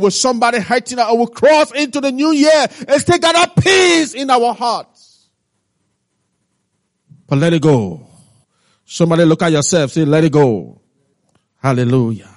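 A man preaching a sermon, retelling a parable in acted-out voices and calling out hallelujah often. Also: high voice. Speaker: pastor.

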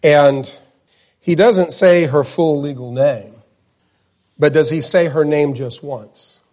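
A man's voice: a little high, slow pace, darkish tone. A man, preaching a sermon in church in an earnest, conversational way. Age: 50s. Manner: earnest, conversational, repeats names for emphasis. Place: church, in front of the pulpit.

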